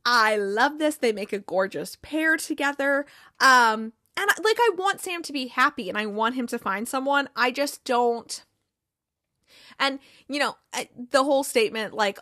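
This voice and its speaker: A chatty young woman talks through an episode recap, lively and a little profane, slipping into playful voices when she quotes characters. Her voice sits fairly high and the sound is dry and close, with no room echo. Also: moderate pace. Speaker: podcast host recapping a TV episode. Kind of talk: casual chat.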